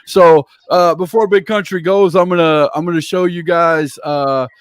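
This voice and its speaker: A man's voice: on the high side, fairly even intonation, moderate pace, clear, resonant tone, no echo. A man hosting a casual interview, reeling off upcoming events with enthusiastic, catchphrase-heavy promo patter. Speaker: interview show host.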